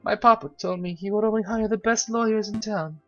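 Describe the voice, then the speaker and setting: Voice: mid-range voice, fairly even intonation, a little fast, voice pushed up, close to an everyday voice. A cheerful, naive young cat lady tells her tale in a bouncy, sing-song way, voiced by a game player reading aloud. The recording is a little dull and lo-fi. Faint music plays underneath. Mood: chatty. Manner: bubbly, sing-song storytelling.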